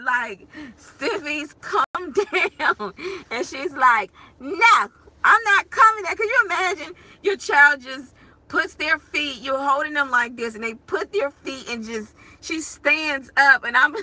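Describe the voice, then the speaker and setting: A woman chatting casually to camera in a vlog, her voice bright and sharp. She tells animated stories, laughs often and acts out quotes, then slows into a soft, heartfelt tone when she talks about what she is grateful for. There is a faint hum of background noise behind her. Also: a little high. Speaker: vlogger and mother.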